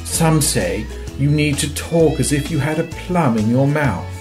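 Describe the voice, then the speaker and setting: A man with a posh English accent, explaining slowly and stretching his vowels. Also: a little high, animated, darkish tone, faint music behind. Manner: slow, elongated vowels. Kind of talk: accent demonstration.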